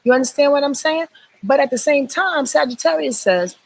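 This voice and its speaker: A woman's voice: high-pitched, lively intonation, moderate pace, slight background noise, rough recording. A woman astrologer hosting a casual livestream, talking in an emphatic, profane, preachy way. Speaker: astrologer and YouTube host.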